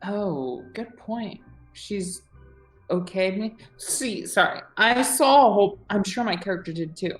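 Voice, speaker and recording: A woman's voice: mid-range voice, expressive, measured pace, faint music behind. A woman playing in a tabletop game, chatting casually in a scatterbrained, giggly way. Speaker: player.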